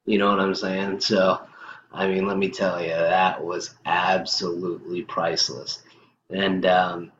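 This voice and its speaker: Deep-voiced man ranting commentary. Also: flat delivery, moderate pace, a bit bright. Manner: emphatic, ranting, many fillers. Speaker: host. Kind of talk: casual political commentary. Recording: echoey lo-fi room, faint noise.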